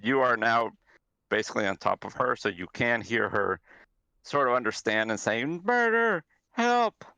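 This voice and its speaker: A man running a tabletop game as game master, narrating in a relaxed way with hesitant fillers and corrections. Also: fairly low pitch, moderate pace, gravelly, no echo, highs cut off.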